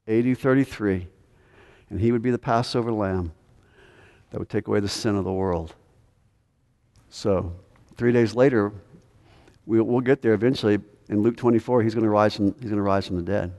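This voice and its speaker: A man preaching a sermon as pastor, emphatic, swinging from hushed to loud. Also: lowish voice. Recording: long reverb of a large hall.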